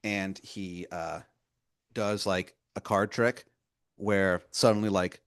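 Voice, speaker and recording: A man's voice: low-pitched, fairly even intonation, slow, a bit bright, smooth. Rambling male game master narrating. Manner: rambling, lots of filler words. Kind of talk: improvised comedic narration.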